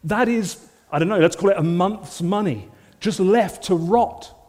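An earnest male preacher delivering a sermon, his voice a touch higher than most men's. He often sinks to soft, intense phrases for emphasis. The sound carries the long reverb of a large church hall. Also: measured pace.

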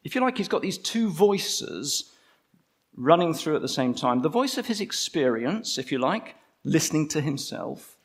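Male preacher, conversational sermon, gravelly, fairly high voice, slows on key phrases. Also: big pitch swings.

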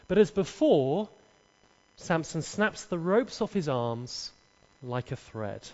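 Animated preacher in a hall. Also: male voice, a little high, slow. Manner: dramatic storyteller, humorous asides. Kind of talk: sermon with acted dialogue. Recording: echoey, dull hall recording.

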